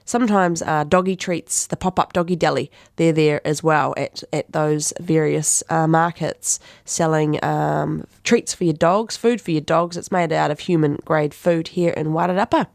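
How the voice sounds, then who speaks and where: A woman with a New Zealand accent runs down local events on community radio in a rambling, easygoing way, catching and fixing her own slips as she goes. Her voice sits a little low. The studio sound is close and dry. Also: steady tone, moderate pace, gravelly, hardly any pauses, darkish tone, no echo. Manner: chatty, rambling, with fillers and self-corrections. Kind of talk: casual community events rundown.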